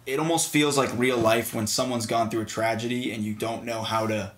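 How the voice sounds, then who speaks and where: A man, chatting casually about a film with friends. He speaks at a middle pitch and in an animated way, and the recording has a roomy echo. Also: brisk. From Massachusetts. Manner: animated, does mocking impressions. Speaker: podcast co-host. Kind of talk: casual movie discussion. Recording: echoey room.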